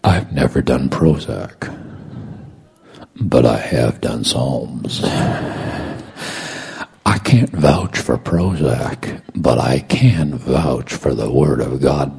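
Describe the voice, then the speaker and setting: A male preacher with a very low, deeply husky voice that sounds worn and breathy. He delivers his sermon slowly and deliberately. He swings between booming declarations and soft, close-up asides. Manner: preaching, swinging from loud proclamations to hushed intimate talk. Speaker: pastor.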